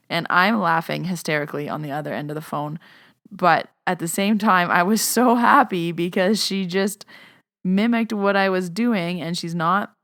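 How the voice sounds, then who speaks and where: A chatty woman hosting a spiritual podcast and answering listener questions in a casual monologue. Her voice sits fairly low and is recorded close on a podcast mic, dry with no room sound. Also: normal speed, a bit bright, dry recording. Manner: casual, chatty, uses "like" often. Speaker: podcast host and Reiki master.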